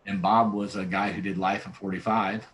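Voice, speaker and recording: Deep-voiced man telling a story. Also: little pitch movement, normal speed, a bit bright, poor audio. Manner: earnest storyteller with frequent restarts. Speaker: pastor and podcast guest. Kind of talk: storytelling in a conversational interview.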